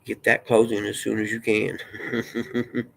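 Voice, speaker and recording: A man's voice: fairly low pitch, flat delivery, measured pace, vocal fry, a bit bright, poor audio. A man hosting a casual livestream, chatting folksily with viewers and reading news aloud. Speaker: livestream host.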